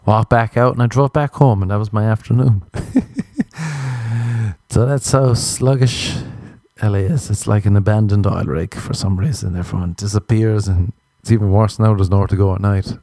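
A man's voice: on the low side, normal speed, warm tone, no room sound. A man hosting a podcast, delivering a crude, rambling comedic monologue full of profanity. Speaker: podcast host. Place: Los Angeles.

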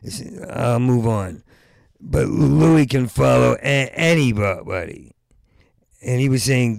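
An older man with a deeply gravelly voice rambles through a comic monologue, stammering over word starts and slipping into low mutters. The sound is dry and close, with no room around it. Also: expressive, slow, darkish tone, no room sound. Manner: profane rants, trails off into mutters. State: Parkinson's. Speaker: stand-up comedian.

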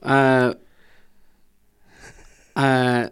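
A man on a podcast with a smooth, resonant voice, talking loosely and stopping often to search for a name. He reads passages aloud and cracks up laughing. His tone sits in a middle register. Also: medium pitch. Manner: halting, hunting for names, reads aloud and breaks into laughter. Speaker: podcast co-host. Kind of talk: casual podcast chat.

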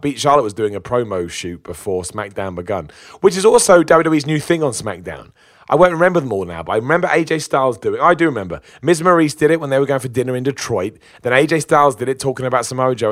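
Fast-talking opinionated man. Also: mid-range voice, no room sound, studio quality. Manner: chatty, opinionated, with restarts and laughs. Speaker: wrestling show reviewer. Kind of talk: casual spoken review.

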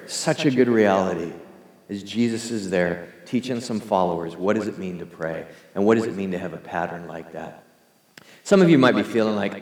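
Pastor guy preaching, kinda low voice, big echoey church hall, chatty and earnest. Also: brisk, a little mellow. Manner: conversational, earnest, leads congregation in prayer. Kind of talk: sermon.

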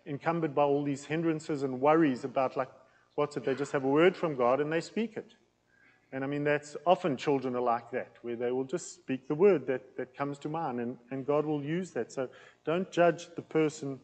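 Give me a man preaching with a loud, plain-spoken, chatty delivery and a noticeable accent. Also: a little high, in a large hall, low-quality recording. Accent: non-local accent in England. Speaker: pastor teaching a series. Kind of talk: sermon teaching.

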